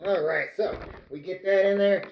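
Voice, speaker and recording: In a casual cooking vlog, a home cook kneads bread dough in his kitchen, playfully joking and singing to himself. His voice is high-pitched at a normal pace, captured in an echoey room on a muffled recording with slight background noise.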